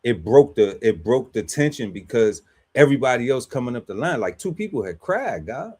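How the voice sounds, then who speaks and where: A man's voice: mid-range voice, very animated, a little fast, a little mellow, breathy edge. A man on a podcast panel telling a story in casual, slangy chat, laughing often and acting out quotes.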